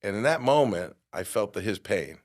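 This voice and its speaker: A middle-aged man with a somewhat low voice tells a personal story on a podcast. He acts out other people's lines and swings from quiet asides to loud outbursts. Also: normal speed. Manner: animated storyteller, acts out quotes with big jumps in loudness. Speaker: guest.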